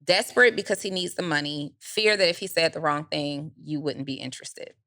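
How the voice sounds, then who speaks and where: A woman's voice: low-pitched, fairly quick, pushed and bright, dry recording, studio quality. A middle-aged woman co-hosting a business podcast, giving direct step-by-step advice. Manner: direct, advising, explains step by step. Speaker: podcast co-host, business coach. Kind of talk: casual chat, advice.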